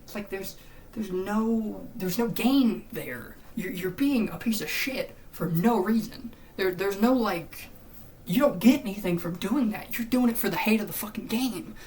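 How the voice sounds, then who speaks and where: A YouTube commentator in an unscripted, exasperated rant, cursing often and repeating phrases, swinging between loud outbursts and muttered asides. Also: mid-range voice, measured pace. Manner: profane and exasperated, with frequent cursing and repetition. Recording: slightly distant mic with faint background noise.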